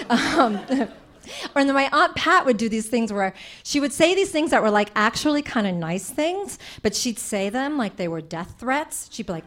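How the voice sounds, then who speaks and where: A young woman telling a comic personal story on stage, animated and chatty, with many fillers. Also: mid-range voice.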